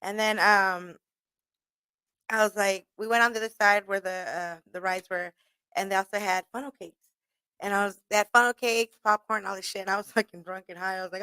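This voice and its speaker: A woman's voice: mid-range voice, brisk, clean tone, no room sound. A young woman hosting a radio show, casually telling a story with a lot of swearing and laughter. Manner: profane, laughing, animated retelling.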